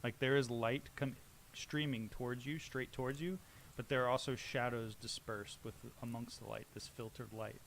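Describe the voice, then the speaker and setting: A man's voice: medium pitch, steady tone, creaky, fairly bright tone, a little hiss or hum. Man narrating as game master. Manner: descriptive, halting, with restarts.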